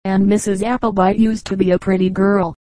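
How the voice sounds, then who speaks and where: A woman's voice: medium pitch, level tone, a little fast, dark tone, no echo, natural voice. Woman reading a spiteful young man gossiping.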